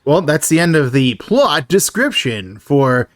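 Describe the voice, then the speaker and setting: A man's voice: fairly high pitch, big pitch swings, measured pace, no echo, studio quality. A man co-hosting a podcast, casually recapping a horror film's plot with jokes and fillers. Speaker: podcast co-host. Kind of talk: casual movie recap chat.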